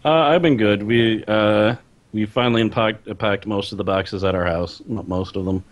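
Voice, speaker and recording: A young man co-hosting a podcast, chatting casually in a relaxed way, full of fillers and chuckles. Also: lowish voice, normal speed. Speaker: podcast co-host. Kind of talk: casual chat.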